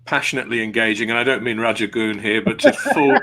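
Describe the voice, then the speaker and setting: A man's voice: on the low side, quick pace, noisy background. A male host wrapping up an interview with formal, appreciative thanks. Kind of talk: closing remarks of an interview.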